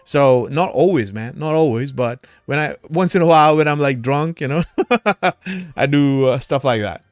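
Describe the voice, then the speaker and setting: A man's voice: fairly high pitch, moderate pace, no echo, clean studio sound, soft background music. A man hosting a crypto livestream in a casual, rambling way, a little tipsy from drinking, calling his viewers brother and man.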